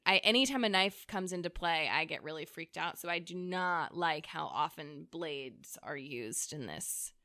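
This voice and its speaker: A woman co-hosting a podcast in casual chat, expressive and quick to laugh. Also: sits low, dry recording, clean studio sound. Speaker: podcast co-host.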